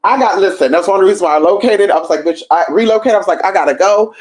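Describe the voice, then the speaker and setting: A woman hosting a livestream, telling a story in a sassy, profane, animated way. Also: mid-range voice, fast talker. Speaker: livestream host.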